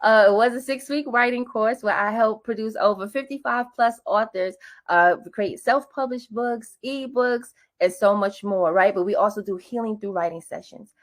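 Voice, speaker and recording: A woman's voice: medium pitch, normal speed. A woman hosting a webinar, talking in a hype, casual way with slang and call-and-response greetings, over a computer mic on a video call. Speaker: webinar host. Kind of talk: lively webinar presentation.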